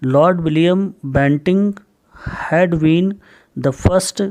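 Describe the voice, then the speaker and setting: A man teaching a general knowledge class in Indian English, repeating each question and answer slowly. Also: on the high side, a little mellow. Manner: slow, repetitive quiz-answer explaining. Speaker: school teacher.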